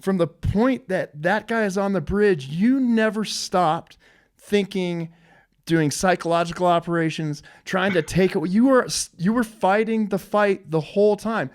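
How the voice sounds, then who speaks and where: A male podcast host with a somewhat high voice who talks in an emphatic way and drives his points home by saying them twice. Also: a little slow. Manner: emphatic, admiring, repeats phrases. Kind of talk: interview conversation.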